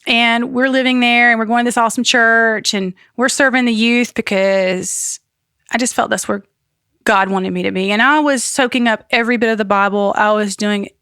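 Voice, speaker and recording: A woman giving a personal faith testimony as a podcast guest. She tells it as an earnest, animated story with some self-deprecating humor. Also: a little high, moderate pace, clear, resonant tone, no room sound, studio quality.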